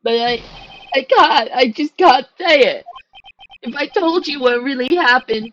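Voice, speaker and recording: A woman's voice: high voice, measured pace, dull audio, voice pushed up. A woman voicing a nervous young male defendant who talks in a strained, breaking, pleading way while reading a game aloud. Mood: desperate. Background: game music.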